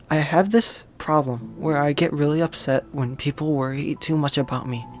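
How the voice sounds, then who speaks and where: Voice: mid-range voice, a little slow, close to an everyday voice. A gamer reading as a timid sad teenage girl. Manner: soft, hesitant. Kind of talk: reading a visual novel aloud.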